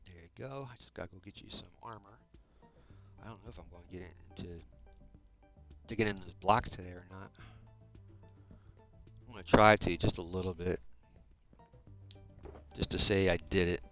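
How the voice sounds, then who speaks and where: A man's voice: low voice, fairly even intonation, moderate pace, pauses often, fairly bright tone, soft background music. A man in his fifties from South Jersey, with a South Jersey accent, chatting casually to viewers while playing a game, often adding dude and man. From South Jersey, USA. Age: 50s. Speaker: Minecraft streamer. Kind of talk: casual live-stream gameplay chat.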